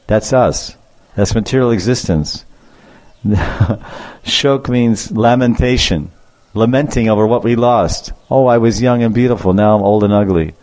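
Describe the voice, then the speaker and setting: A male preacher delivers a devotional talk as a lively storyteller, acting out the quotes as he goes. His voice sits at an ordinary middle pitch. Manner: animated storyteller, acts out quotes, laughs.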